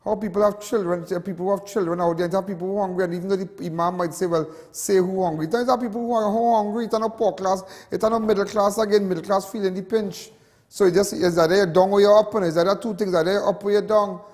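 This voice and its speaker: A high-voiced Trinidadian man hosts a TV show in an impassioned monologue. He rambles and repeats himself, dropping local slang as he gets worked up. A long reverb trails behind his voice. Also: fairly even intonation, fast talker, a little mellow. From Trinidad and Tobago. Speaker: TV show host.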